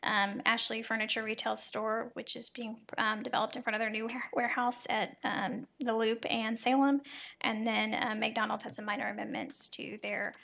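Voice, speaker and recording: A woman on city planning staff presenting a report at a public meeting, measured and full of ums. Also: fairly high pitch, level tone, creaky, sharp tone. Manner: measured, with frequent ums and uhs. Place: city council chamber.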